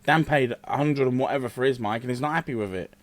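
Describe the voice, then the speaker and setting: A man's voice: mid-range voice, fast talker. A man co-hosting a casual podcast, teasing and needling the others. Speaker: podcast co-host. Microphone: cheap podcasting mic.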